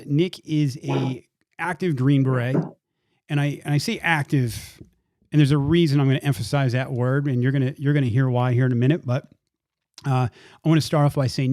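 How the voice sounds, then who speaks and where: A man's voice: mid-range voice, a little mellow, dry recording, studio quality. A man hosting a podcast, giving an earnest introduction and then interviewing his guest, often repeating words as he gathers his thoughts. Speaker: podcast host.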